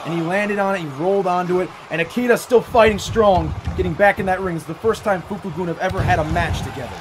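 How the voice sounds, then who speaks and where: A man giving excited, swearing play-by-play commentary on a wrestling match, shouting at the big moves. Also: high-pitched, fast talker, noisy background. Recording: music playing behind the voice.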